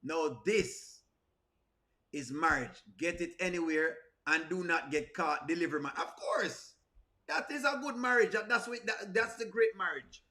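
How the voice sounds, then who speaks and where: Jamaican man, high, bright voice, teasing comic reaction host. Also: animated, measured pace. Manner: playful, teasing, breaks into song. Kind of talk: comedic reaction commentary.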